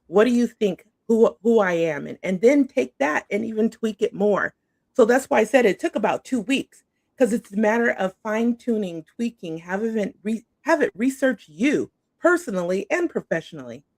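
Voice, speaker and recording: A woman's voice: fairly high pitch, lively intonation, normal speed, a little mellow, dry recording, clean studio sound. A middle-aged woman, a guest coach, chatting casually in a bubbly way and often saying "like" and "awesome.". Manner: bubbly, says "like" and "awesome" a lot. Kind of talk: casual interview chat.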